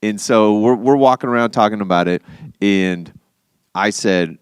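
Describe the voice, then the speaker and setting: Man, 30s, podcast co-host; deep-ish, dry close mic, animated storyteller. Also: normal speed, smooth, no echo. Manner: animated, acts out quotes with big pitch jumps. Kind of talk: casual storytelling chat.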